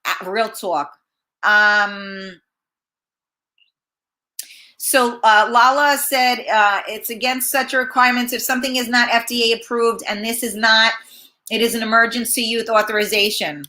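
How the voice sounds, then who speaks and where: A woman's voice: fairly high pitch, fairly even intonation, unhurried, pushed and bright. A woman hosting a casual live-stream talk show, reading viewer comments aloud and answering them with plenty of fillers. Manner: chatty, reads comments aloud, hesitant with many fillers.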